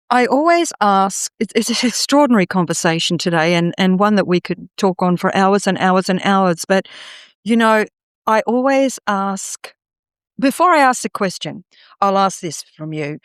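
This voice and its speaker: A woman's voice: mid-range voice, expressive, normal speed, smooth, no echo, clean studio sound. A woman hosting a podcast interview, reflective and affirming, often repeating words as she thinks. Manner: warm affirming listener, reflective, many repeats. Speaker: podcast host. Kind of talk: casual interview chat.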